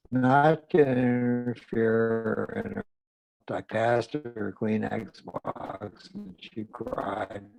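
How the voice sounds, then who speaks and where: An older man, a psychologist, recounting a therapy case in a halting way, often repeating words. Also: mid-range voice, gravelly, darkish tone.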